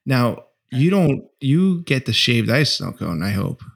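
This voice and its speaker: A man's voice: medium pitch, big pitch swings, unhurried, gravelly, breathy edge. A man co-hosting a podcast, chatting casually with teasing jokes and swearing. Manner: teasing, profane, jokey. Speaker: podcast co-host. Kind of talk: casual chat.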